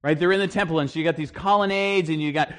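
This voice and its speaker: A man preaching a sermon in a conversational, animated storytelling way, with frequent restarts. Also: a little high, quick pace. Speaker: pastor.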